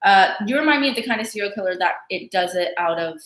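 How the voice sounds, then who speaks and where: A woman's voice: medium pitch, lively intonation, fast, a bit bright. A woman astrologer co-hosting a live stream, rambling and teasing in casual talk. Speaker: astrologer co-host. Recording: echoey room.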